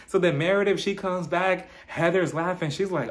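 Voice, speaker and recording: A man's voice: high voice, moderate pace. A man recapping a reality show in a casual, gossipy way, laughing often and acting out quotes.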